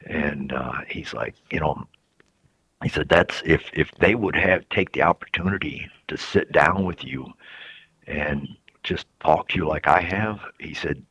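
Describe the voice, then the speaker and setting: Very deep husky man, halting. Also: no echo. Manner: halting, soft-spoken, frequent restarts. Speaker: incarcerated interviewee. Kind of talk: reflective interview answers. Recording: dull lo-fi recording.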